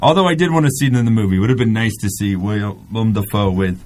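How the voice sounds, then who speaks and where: A man's voice: fairly low pitch, quick pace, darkish tone, slight background noise. A young man hosting a podcast, chatting and joking, laughing often and trailing off mid-sentence. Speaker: podcast host. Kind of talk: casual comedic chat.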